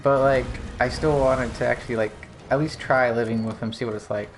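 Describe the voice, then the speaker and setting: A man's voice: medium pitch, fairly even intonation, brisk, slight background noise. Candid young man hosting a podcast. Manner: candid, rambling storyteller with frequent fillers. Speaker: podcast host. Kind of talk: casual gaming podcast chat.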